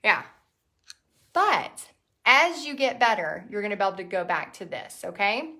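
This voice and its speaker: A woman hosting a live step-by-step painting lesson, chatty and quick to laugh as she reads out viewer comments. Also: mid-range voice, very animated, bright, forceful tone. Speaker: painting instructor and host.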